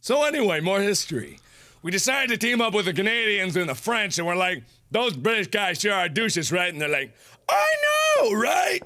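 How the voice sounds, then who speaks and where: A man in his twenties hosting a gaming video, loud and goofy, ranting and rambling between frustrated outbursts. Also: high voice, expressive, a little fast. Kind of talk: let's play commentary.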